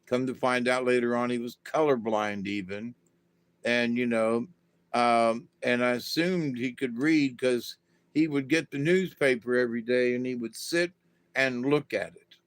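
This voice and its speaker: A man's voice: medium pitch, unhurried, no room sound. A man giving a casual, rambling monologue to his viewers in a folksy manner, full of "you know" asides. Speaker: vlogger.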